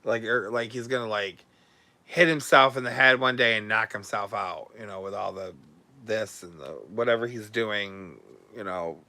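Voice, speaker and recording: A male host gossips bluntly and sarcastically in a casual livestream chat, often with crude words. His voice is bright and forceful, and the sound is dry and close. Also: fairly low pitch, normal speed, no room sound.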